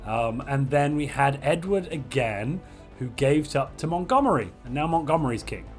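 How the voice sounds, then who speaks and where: A man hosting a multiplayer strategy game livestream, hoarse from a chest infection, joking in a playful, theatrical way. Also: medium pitch, expressive, normal speed, soft background music. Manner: playful, theatrical royal pronouncements. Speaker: streamer host.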